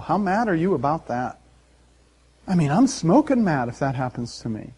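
Man, pastor, sermon, emphatic, animated delivery, slightly high voice. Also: husky. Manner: animated, emphatic, uses dramatic pauses.

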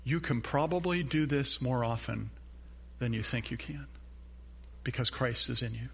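Bright-voiced older male pastor preaching. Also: medium pitch, steady tone, moderate pace, vocal fry, husky. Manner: earnest, conversational preaching with asides. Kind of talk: sermon.

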